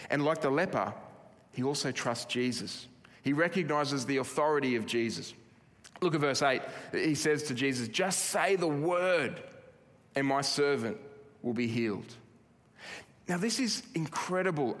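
A man's voice: mid-range voice, a bit bright. A man preaching a sermon in an earnest, emphatic way, often restarting his phrases. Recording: long hall reverb.

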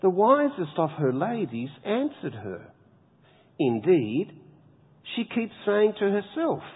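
A man preaching a sermon, reading scripture slowly and with heavy emphasis. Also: high voice, sing-song, breathy edge. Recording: tinny phone-like sound with long hall reverb.

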